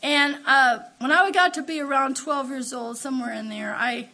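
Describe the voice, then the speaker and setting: High, bright-voiced older woman preaching. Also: normal speed. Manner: swings from hushed storytelling to exclamations of praise. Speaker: preacher giving a testimony. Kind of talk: Pentecostal-style testimony sermon.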